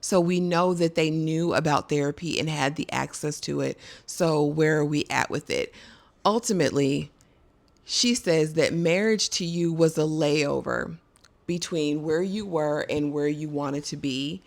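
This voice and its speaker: Low-voiced woman recapping TV. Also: a little slow, creaky. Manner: chatty and emphatic, colloquial. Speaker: vlogger. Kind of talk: casual TV episode recap.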